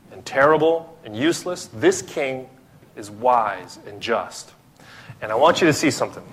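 A man preaching a sermon to a small group in a small room, swinging from emphatic, rising lists to low, soft asides. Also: slight background noise. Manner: builds to excited, emphatic lists, then drops low and soft. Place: small room with few listeners.

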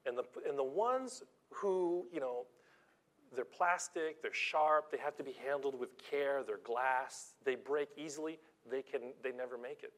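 A man preaching a sermon in a conversational storytelling way, with halting restarts and slow, deliberate emphasis on key phrases. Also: mid-range voice, a bit bright. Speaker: pastor.

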